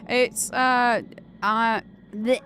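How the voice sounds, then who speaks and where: A woman's voice: a little high, fairly even intonation, very slow, fairly bright tone, a little hiss or hum. A young woman from Greater Manchester with a Northern English accent, chatting casually and rambling with lots of fillers while live streaming a game. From Greater Manchester, England.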